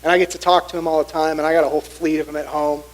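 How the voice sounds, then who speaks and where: Brief: middle-aged male pastor, high voice, animated storytelling sermon. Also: very fast, low-quality recording. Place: church sanctuary.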